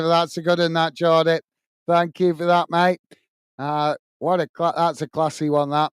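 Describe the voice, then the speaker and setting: A man's voice: fairly high pitch, level tone, moderate pace, clean tone. A man hosting a live match watch-along, calling the play step by step and thanking viewers by name between moves. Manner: calls the action steadily, blow by blow. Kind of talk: live play-by-play commentary with chat shout-outs.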